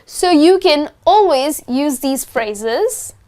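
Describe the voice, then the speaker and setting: A woman's voice: high-pitched, lively intonation, slow, a little mellow. A woman teaching phrases in an online lesson, speaking. She explains patiently and often checks in with "okay?". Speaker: English teacher.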